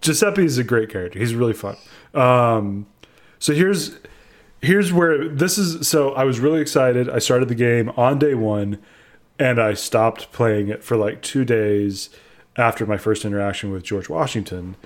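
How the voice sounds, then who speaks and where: A man's voice: medium pitch, a little slow. A man in casual conversation, co-hosting a chat about a game. He rambles and sounds exasperated, with the odd laugh breaking through. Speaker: podcast co-host.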